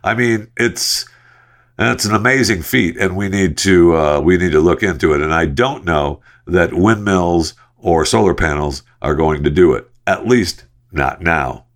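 A man's voice: low voice, unhurried. A man hosting a solo podcast, reading news stories and adding rambling, sarcastic asides with lots of fillers. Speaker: podcast host. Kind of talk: casual solo news commentary.

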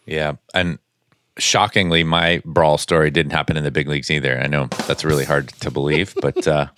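Very deep, smooth-voiced man. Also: flat delivery, moderate pace, fairly bright tone, no room sound, clean studio sound. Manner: rambling storyteller, searches for words. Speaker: former professional baseball pitcher. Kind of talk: casual podcast chat.

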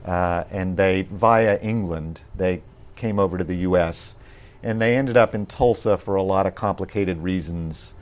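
A man being interviewed on a podcast, talking in a thoughtful, measured way with frequent pauses and restarts. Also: deep voice.

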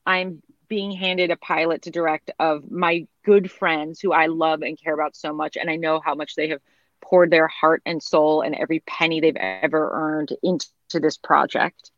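Gravelly-voiced woman rambling casually. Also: low-pitched, a bit bright, dry recording. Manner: rambling, full of fillers and restarts. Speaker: interview guest, TV director and writer. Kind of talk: casual conversational storytelling. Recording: slightly dull, lo-fi sound.

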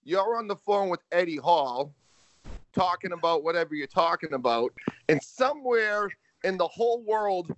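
A man's voice: sits high, animated, moderate pace, a bit bright. An American man on a phone call, wisecracking and swearing freely in casual chat. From United States. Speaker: phone guest. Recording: dull phone-call audio.

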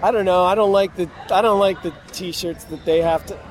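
Give me a male actor interviewed at a convention, a bit high-pitched, rambling with fillers. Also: steady tone, slight background noise, rough recording. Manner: rambling, halting with many fillers and restarts. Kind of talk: casual interview talk. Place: convention floor, public space.

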